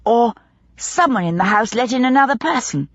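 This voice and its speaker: Brief: woman reading as a confiding young maid, raised pitch, broad dialect, husky dull recording. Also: animated, normal speed, no echo. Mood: earnest. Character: young gossipy female housemaid, eager and superstitious.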